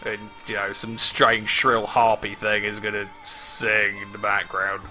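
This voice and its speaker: A man's voice: on the low side, completely flat delivery, a little slow, pushed and bright, soft background music. A man giving offhand, sarcastic gameplay commentary. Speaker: let's player.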